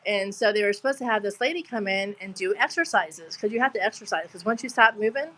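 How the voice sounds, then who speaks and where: A woman's voice: medium pitch, fast, sharp tone, low-quality recording. Heartfelt woman on a call. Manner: heartfelt, rambling with many restarts. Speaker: guest. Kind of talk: emotional casual chat. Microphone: video call.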